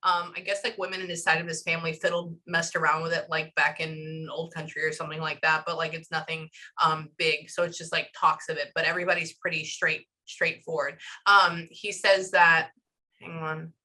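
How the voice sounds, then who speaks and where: Bright, chatty woman giving a reading. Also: low voice, normal speed, poor audio. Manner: chatty, animated, stops herself with frequent asides. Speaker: psychic medium. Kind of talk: casual reading session with a client.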